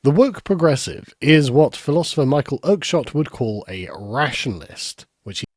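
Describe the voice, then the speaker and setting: A man narrates a scripted video essay in a measured, formal delivery. His pitch moves in a lively way through each sentence. The recording is dry and close. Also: no room sound.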